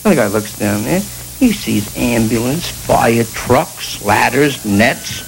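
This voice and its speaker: Man, stand-up comedian, gravelly voice, lively pitch swings, rambling irreverent delivery. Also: takes it slowly, a little hiss or hum, rough recording. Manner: rambling, irreverent, full of restarts and asides.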